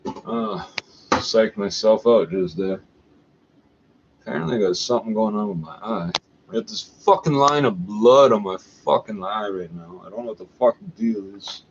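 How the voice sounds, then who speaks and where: A man's voice: fairly low pitch, animated, normal speed. Canadian guy swearing a lot, rambling about coins, kinda dull sound, faint hiss. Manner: profane, rambling, thinking aloud. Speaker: vlogger. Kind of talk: rambling coin-collecting vlog. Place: at home.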